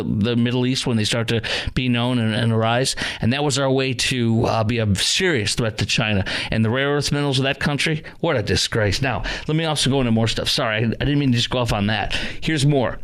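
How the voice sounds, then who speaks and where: A man hosting a political talk radio show, ranting in a fired-up way, his voice climbing high when he gets worked up. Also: a bit bright.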